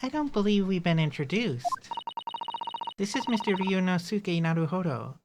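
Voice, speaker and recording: A woman's voice: on the low side, animated, moderate pace, noisy background, voice pushed up, lightly acted. A woman reading aloud as a polite, prim young female judicial assistant. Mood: courteous. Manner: prim, courteous.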